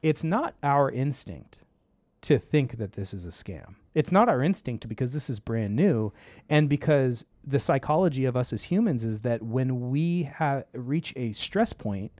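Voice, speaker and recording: A man's voice: mid-range voice, unhurried, no echo. A man hosting a casual tech talk show, telling stories and acting out the voices in them. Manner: animated storyteller, acts out quoted voices.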